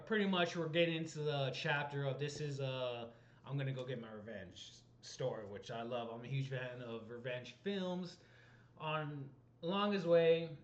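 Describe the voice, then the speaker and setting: Man, casual film recap, rambling, self-correcting, echoey room, dull lo-fi sound. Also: mid-range voice. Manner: rambling and loose, often correcting himself mid-sentence. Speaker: film reviewer. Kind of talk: casual spoken movie recap. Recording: roomy, dull lo-fi home recording.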